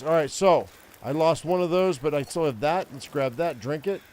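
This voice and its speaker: A man's voice: fairly high pitch, normal speed, darkish tone. Profane, rambling older man gaming. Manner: profane, ranting, rambling with many restarts. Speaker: gaming streamer. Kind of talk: casual gameplay commentary.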